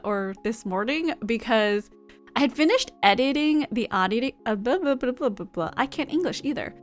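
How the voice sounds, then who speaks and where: A woman's voice: fairly high pitch, a bit bright. A woman live streamer chatting casually with her viewers in a bubbly, rambling way, thanking people in chat.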